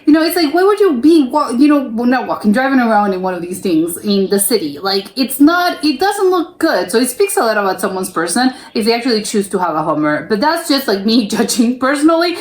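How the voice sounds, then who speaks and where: A woman's voice: fairly high pitch, big pitch swings, a little fast, hardly any pauses, reverberant. An American woman hosting a reaction video, talking casually and hesitantly, with lots of "like" and restarts. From United States. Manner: chatty and hesitant, full of "like" and restarts.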